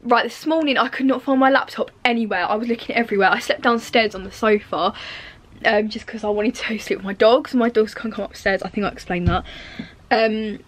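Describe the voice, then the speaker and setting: A woman's voice: on the high side, brisk. A young woman vlogging casually to camera from her bedroom, chatty and confiding, sometimes dropping to a near whisper. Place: bedroom at home.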